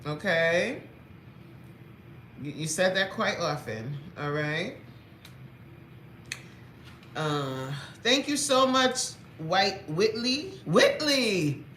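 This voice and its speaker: A woman's voice: fairly low pitch, expressive, extremely slow, pauses often, a bit bright, reverberant, slight background noise. A woman fitness coach chatting playfully on a livestream, greeting viewers by name, reading their comments aloud and laughing often.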